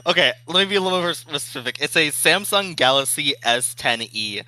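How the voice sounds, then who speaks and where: A man's voice: on the high side, animated, fairly quick, bright, forceful tone, no room sound, poor audio. A young man as a guest in a casual online interview, easygoing and laughing often, sometimes hesitant.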